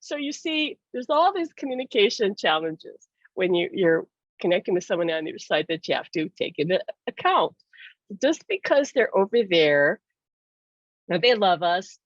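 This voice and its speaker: A woman's voice: on the high side, no echo. A woman hosting a casual spiritual talk, chatty, laughing often and acting out the voices she quotes. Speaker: host. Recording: dry, dull lo-fi sound.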